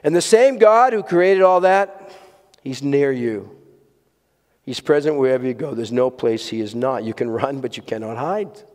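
A man's voice: medium pitch, expressive, normal speed. A man preaching a sermon to a congregation in a church, earnest and emphatic, repeating key words for weight. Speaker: pastor. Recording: long hall reverb.

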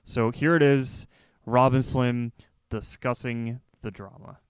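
A man co-hosting a podcast in an easygoing, profane way, with frequent fillers and a laid-back delivery. His voice is smooth and clear. It is recorded dry, with no room sound. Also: mid-range voice, steady tone, slow pace, no room sound. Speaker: podcast co-host. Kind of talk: casual podcast talk and segment intro.

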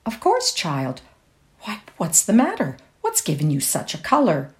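A woman's voice: fairly low pitch, huge pitch swings, a little slow. A woman reading the lines of a poised, amused society mother in a short story, drawn out and indulgent. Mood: coaxing.

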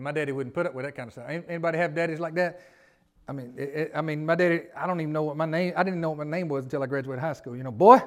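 A man preaching a sermon in a church, folksy in manner and often asking his congregation questions. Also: fairly high pitch. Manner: folksy, asks the congregation questions, pleading rises. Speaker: pastor. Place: church sanctuary.

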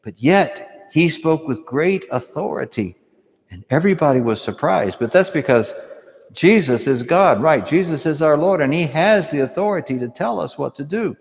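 A man as priest or deacon, reading the gospel and giving an animated homily to children, asking them questions. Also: fairly high pitch, moderate pace, gravelly. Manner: animated storytelling, asks kids questions. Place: church. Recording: long church reverb.

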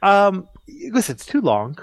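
A man co-hosting a casual podcast chat, telling stories in an upbeat, animated way. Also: sits high, moderate pace, no room sound. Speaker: podcast co-host.

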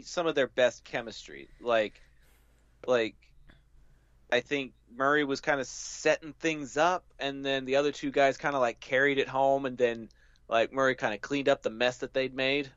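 A man's voice: medium pitch, normal speed, a bit bright, no echo. A man hosting a casual podcast, teasing his co-hosts and moving the talk along. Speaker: podcast host. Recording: dull, dry lo-fi sound.

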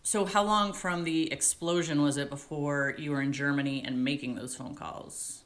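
A woman hosting an interview, asking measured questions and leading into breaks. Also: low-pitched, fairly even intonation. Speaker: interview host.

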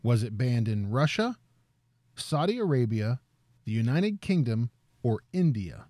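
A man hosting a trivia game, reading out questions and answer choices slowly and deliberately. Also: medium pitch, big pitch swings, dark tone, no echo, studio quality. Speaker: quiz host.

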